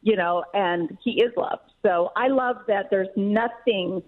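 A middle-aged woman author, a guest in an interview, talking in an emphatic, earnest way with quick laughs. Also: medium pitch. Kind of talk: casual interview talk. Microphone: phone call. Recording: tinny phone line.

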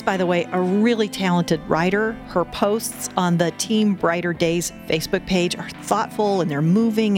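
A woman hosting a faith podcast, reading the closing credits and listening to a guest in a calm, measured way. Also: medium pitch. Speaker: podcast host. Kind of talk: scripted podcast outro and interview.

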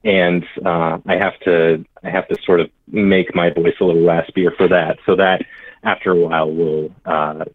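A man's voice: low-pitched, flat delivery, moderate pace, dry recording. A young man, a voice actor, chatting in an interview, chuckling and hesitating with many fillers. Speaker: voice actor guest. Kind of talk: casual interview chat. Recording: tinny phone-like call line.

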